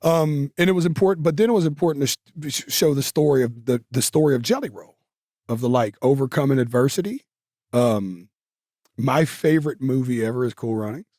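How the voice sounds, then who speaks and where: A man's voice: mid-range voice, brisk, dark tone, no echo, clean studio sound. A man, telling stories casually as an interview guest, with lots of fillers. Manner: drawling Southern talk with many fillers.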